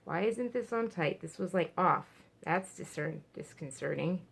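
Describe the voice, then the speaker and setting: A woman's voice: fairly low pitch, animated, a little slow, vocal fry, slightly rough. A woman talking frankly in a rambling personal vlog at home, full of fillers and restarts. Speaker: vlogger. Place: at home, indoors.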